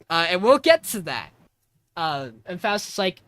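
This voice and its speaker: Lively man recapping an anime episode. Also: sits high, normal speed, dry recording. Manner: animated storyteller who acts out characters' lines; laughs often. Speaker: podcast co-host. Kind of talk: casual anime podcast chat and episode recap.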